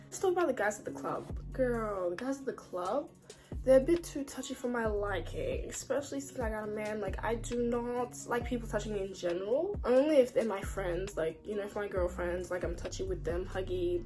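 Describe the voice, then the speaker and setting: A woman's voice: mid-range voice, a little fast, over music. A young woman, chatting casually to camera as a vlogger, exasperated and ranting, with lots of "like". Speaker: beauty and lifestyle vlogger.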